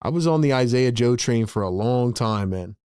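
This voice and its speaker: A man with a medium-pitched voice calls basketball play by play for his fan show, and he reads out viewer messages between plays. His delivery is quick and casual, with frequent laughs, and the sound is dry and close to the mic. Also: lively intonation, a little mellow, smooth, no room sound. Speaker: host and play-by-play caller. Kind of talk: live fan play-by-play and chat.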